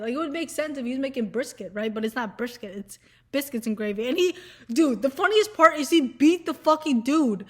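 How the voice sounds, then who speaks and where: Young woman, high voice, profane casual rant, mocking put-on voices, indoor phone recording. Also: brisk. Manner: profane, animated, mocks people in put-on voices. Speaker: vlogger. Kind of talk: casual ranting chat to camera.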